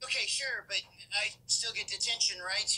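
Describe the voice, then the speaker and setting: A woman's voice: mid-range voice, moderate pace, pushed and bright, rough recording. A woman voicing a scheming, cocky teenage boy in a cartoon, whiny and brash. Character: scheming teenage boy, first day at school. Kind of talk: cartoon voice acting.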